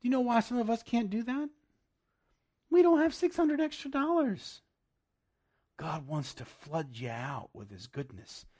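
A male preacher with a husky, slightly raspy voice delivers a sermon in a lively, swooping pitch. He talks plainly and emphatically, jumping from loud exclamations to hushed, whispered asides. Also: measured pace, pauses often. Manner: laughs often, direct and plain-spoken.

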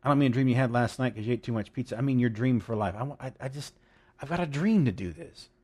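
A man's voice: medium pitch, quick pace, darkish tone, husky. A man preaching a sermon, reading scripture and explaining it emphatically, with jokes and asides.

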